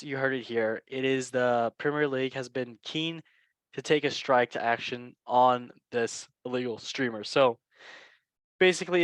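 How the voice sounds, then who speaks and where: A man's voice: medium pitch, a bit bright, no room sound. Guy hosting football chat, joking around, dry close sound. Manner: joking, chatty, laughs at own lines. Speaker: podcast host. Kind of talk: casual football news chat.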